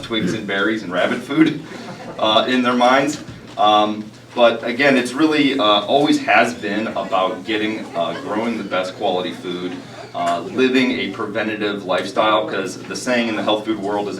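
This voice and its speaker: A man's voice: fairly low pitch, background noise. A man giving an earnest talk as a guest speaker to a live audience, with many filler words. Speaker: guest speaker, health food store owner. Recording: echoey hall, far from mic, crowd behind.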